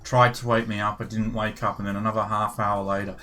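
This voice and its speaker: A man's voice: lowish voice, level tone, brisk, sharp tone, soft background music. Older British man, profane rambling chat. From United Kingdom. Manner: rambling and profane, with frequent swearing and restarts. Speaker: gaming livestreamer. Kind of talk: casual chat.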